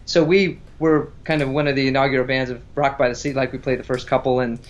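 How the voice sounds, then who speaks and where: A man's voice: medium pitch, fairly even intonation, fast talker, muffled recording. A man chatting casually as a guest musician, telling a story in a rambling, self-interrupting way. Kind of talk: casual livestream chat between songs.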